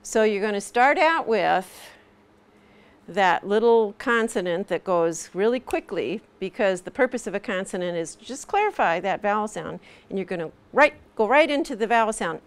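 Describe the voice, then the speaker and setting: In a classroom full of students, a middle-aged woman teaches pronunciation, patiently demonstrating sounds and repeating them. Her mid-range voice is animated and moves at a moderate pace, with slight background noise in the recording.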